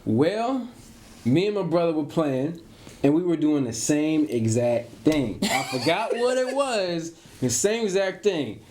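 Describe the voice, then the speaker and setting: A young man with a lively voice that swings up and down, sitting a bit high for a man. He chats casually in slang and tells stories with energy. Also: unhurried, slight background noise. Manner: animated storyteller, slangy. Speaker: podcast co-host. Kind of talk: casual chat.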